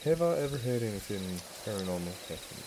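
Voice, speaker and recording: A man's voice: fairly low pitch, big pitch swings, quick pace, very noisy. A man from England with a mixed northern English accent, hosting a casual charity live stream Q&A, chatting eagerly and swearing casually.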